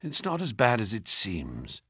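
A man reading an audiobook, voicing an injured male detective who mutters in a weak, hoarse, hushed voice. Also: big pitch swings, measured pace, no room sound, clean studio sound, heavily acted. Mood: weak, reassuring. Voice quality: hoarse weak whisper-like murmur. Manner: low, quiet, muttered.

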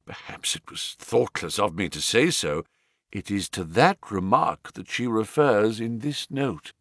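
A man voicing a distraught, excitable middle-aged banker who breaks into high-strung outbursts, read as an audiobook. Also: a little slow, no echo, studio quality. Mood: grief-stricken. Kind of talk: audiobook character reading.

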